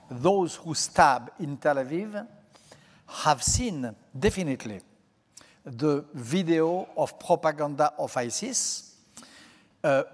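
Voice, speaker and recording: An older man with a French accent speaks English slowly, pausing to grope for the right words. His voice sits a little high, and it carries through the long reverb of a large auditorium stage. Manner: slow, searching for words in English. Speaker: interview guest. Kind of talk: public onstage conversation.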